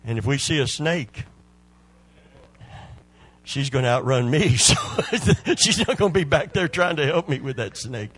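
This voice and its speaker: A man's voice: medium pitch, animated, measured pace, long pauses, fairly bright tone, breathy edge, rough recording. An older man preaching a sermon as pastor, talking with repetitions, sung phrases and rising fervor.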